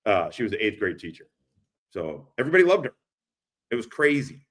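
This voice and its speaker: A man's voice: fairly low pitch, very animated, normal speed. A man telling rambling, profane stories on a live stream, laughing often, through a laptop's built-in mic. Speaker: streamer reacting to clips. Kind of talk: casual live-stream storytelling.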